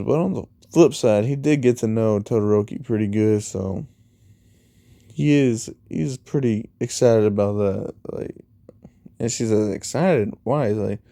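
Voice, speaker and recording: A man tells a fan-made story in a relaxed, meandering style, passing along each line of dialogue with "he's like" and "you know." His fairly low voice is warm and unhurried, and the recording is dry.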